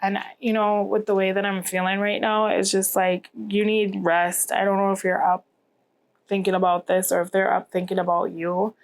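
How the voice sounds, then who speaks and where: A woman's voice: medium pitch, little pitch movement, normal speed. A tired, yawning woman giving a rambling tarot reading to camera, often asking "okay?". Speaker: tarot reader.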